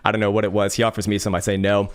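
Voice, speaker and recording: A San Francisco man hosting his own channel tells a personal story in a loose, casual style, with a fairly low, smooth voice and a racing pace. He swears freely, trips over repeated words, and often bursts out laughing.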